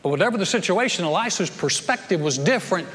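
A high-voiced male pastor preaches a sermon, spinning a Bible story in a folksy, joking way. He often repeats a word as he starts a phrase. His voice rings with a long reverb from a big hall. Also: expressive, fast talker, a bit bright.

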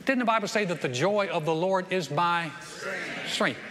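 A man's voice: sits high, moderate pace, a crowd in the background. A man preaching a sermon to his congregation, telling stories with lots of restarts and repeated words. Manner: animated storytelling with repeated restarts. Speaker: pastor. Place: church sanctuary. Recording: long church hall reverb, faint noise.

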